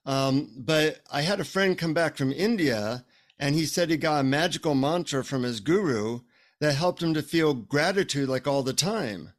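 A man's voice: on the high side, normal speed. A man, a psychotherapist guest, telling humorous stories in a casual interview over a remote call. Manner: humorous, animated storyteller.

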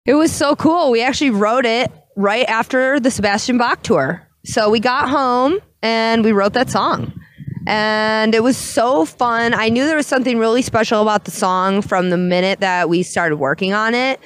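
A woman from a rock band answering interview questions, enthusiastic and talking in quick bursts. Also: on the high side, no room sound. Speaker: band singer. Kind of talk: casual interview.

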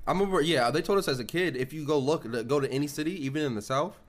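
A man with a Midwestern US accent co-hosting a casual podcast and telling stories at a quick clip. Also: on the high side, a loud crowd. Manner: rapid storyteller. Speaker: podcast co-host. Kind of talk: casual chat.

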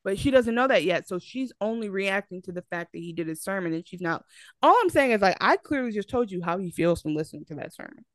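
In a casual podcast chat, a young female co-host argues her point animatedly, full of fillers and restarts. Her mid-range voice is expressive and fast, with no room sound.

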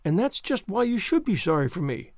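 Storybook girl, imaginative and dramatic, read by a man; lifted, animated delivery. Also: high voice, a little fast, creaky, no echo, studio quality, full character voice. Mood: plaintive. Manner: earnest, solemn, wordy. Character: imaginative dramatic girl, eleven years old.

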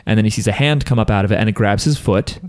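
Low-voiced man recapping a show. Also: fast, darkish tone, dry recording, studio quality. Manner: retells scenes, acting out characters' lines. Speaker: podcast host recapping an anime. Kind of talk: casual chat.

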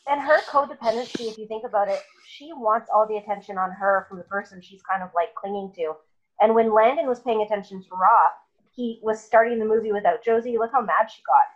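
A woman's voice: medium pitch, fairly quick. Analytical woman co-host, dull recording. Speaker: podcast co-host. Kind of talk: casual chat.

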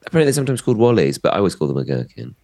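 A man's voice: sits low, very animated, racing, mellow. A middle-aged man, a comedian co-hosting a podcast, chatting in a playful, gossipy way. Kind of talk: casual chat.

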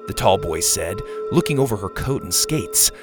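Expressive male storyteller with a lively voice. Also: lowish voice, normal speed, over loud music. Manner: expressive, varied delivery. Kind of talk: scripted narration.

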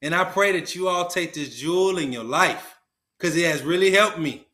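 High, bright-voiced man telling a story. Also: normal speed. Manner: earnest, colloquial and emphatic. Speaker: guest. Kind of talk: storytelling in a podcast conversation. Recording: roomy echo.

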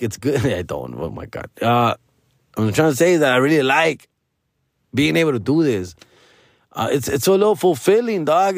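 A man in his forties tells a casual, slang-heavy story, calling people "dog" and "bro" and dropping into Spanish mid-story. His voice is fairly high, recorded dry with clean studio sound.

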